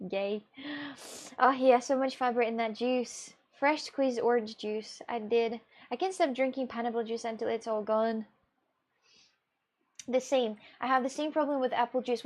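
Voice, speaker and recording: A young live streamer from Russia, her voice a little high, chats casually with her viewers. She wanders from point to point, gasping and starting over at times.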